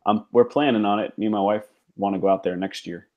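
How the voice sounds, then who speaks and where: A man co-hosting a live hobby stream, joking and swearing in relaxed casual chat. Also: fairly low pitch, fast talker, phone-quality sound. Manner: joking, profane, laughs easily. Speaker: co-host.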